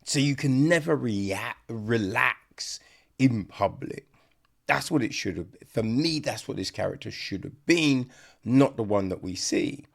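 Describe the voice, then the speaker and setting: Slow, gravelly man reviewing a film. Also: medium pitch, lively intonation. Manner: blunt and profane, acts out quoted lines. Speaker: film review podcast host. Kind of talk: casual spoken film review.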